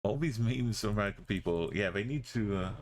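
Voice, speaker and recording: A man with a very low voice talks through a live stream in loose, easy chat. He mutters half-finished thoughts to himself, then turns to his viewers to muse and chat. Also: lively intonation, a little fast, a little hiss or hum. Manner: thinking aloud, musing and chatting with viewers. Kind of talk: casual live-stream commentary while playing.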